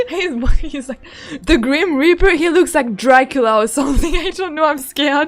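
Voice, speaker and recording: A young woman streaming a game, reacting with excited, giggly commentary and quick outbursts. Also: high voice, soft background music.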